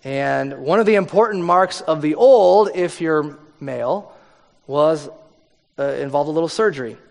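Pastor, male, casual joking sermon delivery, slightly higher voice, long church-hall reverb. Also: measured pace, vocal fry. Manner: conversational and joking, acts out quoted voices.

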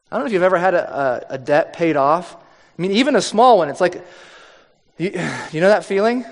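A man preaches in a loose, conversational style, reading scripture aloud and acting out the lines. His voice sits high for a man, and it rings with a long hall reverb. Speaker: pastor.

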